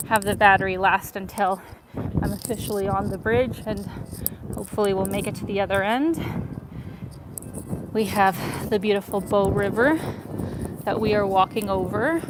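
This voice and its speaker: A woman from Ukraine hosting a walking live-stream, talking in a chatty, upbeat way at a middling pitch. She is recorded outdoors on a phone, with the street and passers-by clearly heard behind her. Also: moderate pace, pauses often, noisy background. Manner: chatty and upbeat, reads viewer messages aloud. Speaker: travel vlogger. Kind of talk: live-stream walking tour with viewer chat. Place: outdoors in a winter city, on a footbridge. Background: street ambience, passers-by, accordion player.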